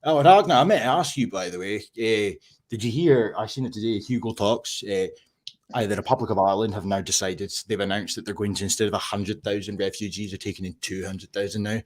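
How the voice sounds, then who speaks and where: A man's voice: fairly low pitch, a little fast. A man with a Scottish accent hosting a casual livestream chat from his room, ranting and swearing constantly in an agitated way. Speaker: livestream host. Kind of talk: casual live-stream chat. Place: home room.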